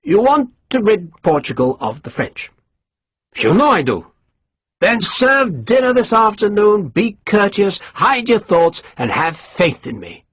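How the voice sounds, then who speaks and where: A man voicing a suave, scheming English colonel who lectures his servant in a smooth, condescending way, in an audiobook. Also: sits high, big pitch swings, unhurried, fairly bright tone, no echo, pitched above the performer's own voice, heavily acted.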